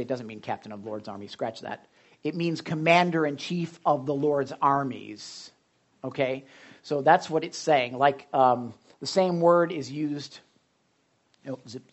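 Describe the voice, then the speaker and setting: Animated man preaching a sermon. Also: mid-range voice. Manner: animated, conversational preaching with asides and jokes. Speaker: pastor. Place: hot church room.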